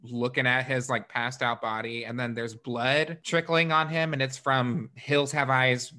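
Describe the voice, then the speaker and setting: A man's voice: mid-range voice, little pitch movement, measured pace, pushed and bright. A young man hosting a podcast, casually retelling a movie plot with crude jokes and a rambling manner. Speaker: podcast host. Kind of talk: casual movie review chat.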